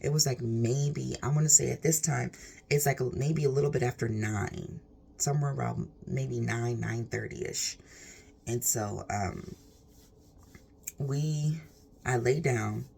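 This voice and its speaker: A woman's voice: extremely low pitch, measured pace, vocal fry, warm tone, slight background noise. A woman vlogger sharing a personal testimony in an earnest, rambling way, leaning on "like" and "literally". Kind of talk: emotional personal storytelling.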